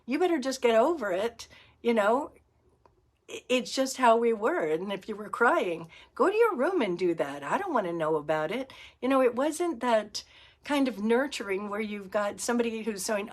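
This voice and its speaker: A middle-aged woman with a slightly high voice hosts her own podcast, talking casually and spinning personal stories. She laughs often and acts out the voices of people in her stories. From Florida, US. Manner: laughs often, storytelling with acted-out quotes. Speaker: podcast host. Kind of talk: casual monologue.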